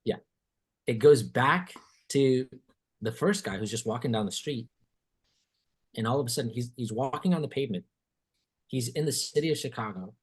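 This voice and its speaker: A man hosting a podcast, telling a story in casual chat, animated and swearing casually, acting out what people said. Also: medium pitch, moderate pace, pauses often, slightly rough. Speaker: podcast host.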